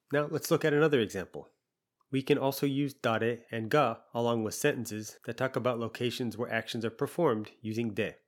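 A man teaching a language lesson, patiently explaining and repeating example phrases slowly. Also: medium pitch.

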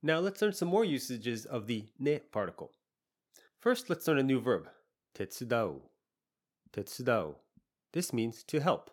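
A man teaching a podcast language lesson, explaining patiently and saying example phrases slowly. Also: mid-range voice, sing-song.

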